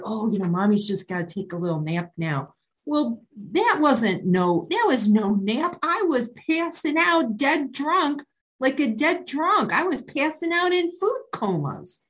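A woman's voice: fairly high pitch, a bit bright, low-quality recording. A middle-aged woman from Maryland giving a candid personal testimony at an online support meeting, hesitating often with ums and restarts. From Maryland, USA. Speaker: speaker sharing her recovery story. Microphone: online meeting call.

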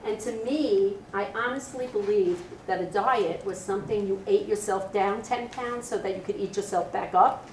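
A middle-aged woman sharing her recovery story at a meeting, candid and lively, acting out the voices of people in her story. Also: medium pitch, moderate pace, few pauses, recorded from a distance, a little hiss or hum. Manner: candid, animated storytelling with acted quotes. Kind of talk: personal testimony at a meeting. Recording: roomy echo, voice from off-mic.

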